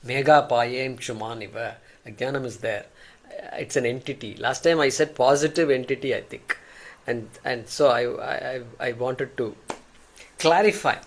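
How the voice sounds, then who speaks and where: A man's voice: mid-range voice, moderate pace. A man teaching a class, explaining with examples and often repeating words as he thinks. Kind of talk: class lecture.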